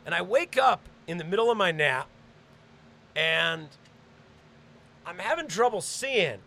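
Animated gravelly man telling crude stories. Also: high voice, unhurried. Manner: animated, shouts when reenacting. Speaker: podcast host. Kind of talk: crude comedic storytelling.

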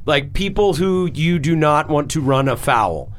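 A man's voice: on the high side, lively intonation, a little slow. A man hosting a podcast in casual chat, talking in a rambling, emphatic way with lots of fillers and swearing. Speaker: podcast host.

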